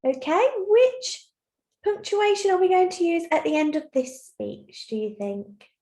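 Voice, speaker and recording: Teacher, female, fairly high voice, patient and clear with young kids, recorded on a computer mic in an echoey room. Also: sing-song, moderate pace, warm tone. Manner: clear, patient, encouraging explanation. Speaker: primary school teacher. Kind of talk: recorded online lesson for young children. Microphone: computer mic while screen sharing.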